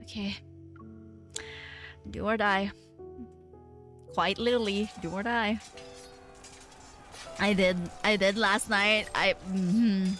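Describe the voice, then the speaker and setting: A woman's voice: medium pitch, slow, long pauses, faint music behind. Emotional, swearing young woman streamer. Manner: emotional and animated, swearing, squealing and reading aloud. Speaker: game streamer. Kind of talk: casual live-stream chat and reading game text.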